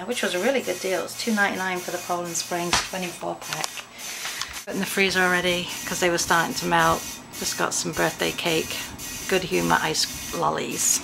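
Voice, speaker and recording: A woman's voice: lowish voice, creaky. English lady rambling on her home vlog, middle-aged, bit of background noise on the camera. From England. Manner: chatty, rambling, talks to viewers directly. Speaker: vlogger. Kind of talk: casual daily vlog chat. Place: at home, indoors.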